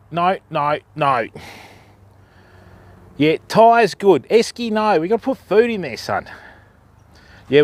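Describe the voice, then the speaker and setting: A man's voice: a little high, dry recording. A man with an Australian accent hosting a fishing livestream from a campsite, chatting casually with his viewers. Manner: easygoing, chatty, laid-back Aussie banter. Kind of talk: casual live chat with viewers. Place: outdoors at a riverside campsite.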